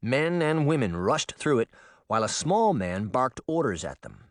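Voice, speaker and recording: A man reads a storybook aloud in a lively, expressive way, his pitch rising and falling a lot. He sits close to the mic, and the sound is dry and intimate. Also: moderate pace, no echo. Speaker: audiobook narrator. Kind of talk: scripted storybook narration.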